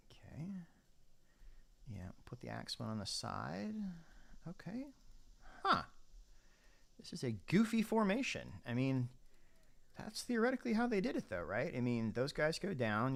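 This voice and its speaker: A man's voice: mid-range voice, gravelly. A man giving casual gameplay commentary as a streamer, chatty and thinking aloud while he sets up his army. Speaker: game streamer.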